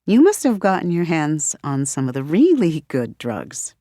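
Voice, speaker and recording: A frank, skeptical woman speaks drily, with a teasing edge, as the narrator voices her. Her voice is low and moves around freely. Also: huge pitch swings, normal speed, dark tone, dry recording, studio quality, exaggerated voice.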